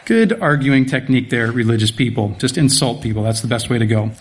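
At a brisk clip, a pastor works through an expository sermon with lively energy. He poses rhetorical questions, slips in sarcastic comments, and occasionally drops into a soft low tone to stress a point.

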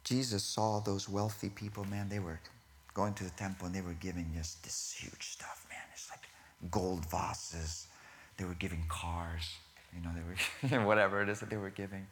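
A man preaches a sermon to a congregation in a low voice at a moderate pace. He moves between animated bursts and hushed near-whispers, correcting himself and laughing in asides.

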